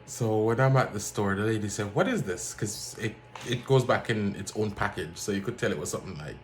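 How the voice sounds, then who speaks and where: Low-pitched man, casual storytelling, animated, faint background hiss. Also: fairly quick. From Jamaica. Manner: animated, acts out other people's lines in a raised voice. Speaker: vlogger.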